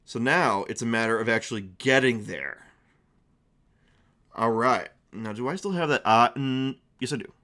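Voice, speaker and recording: A man's voice: mid-range voice, normal speed, pushed and bright. Rambling man running a tabletop game. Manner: rambling and playful, with many restarts and fillers. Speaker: streamer and game master. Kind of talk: narrating a tabletop game on stream.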